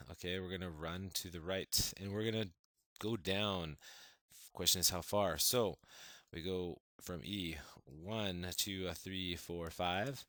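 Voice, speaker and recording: A man's voice: low voice, sharp tone, dry recording. A man teaching a math lesson, counting through steps with playful, enthusiastic exclamations.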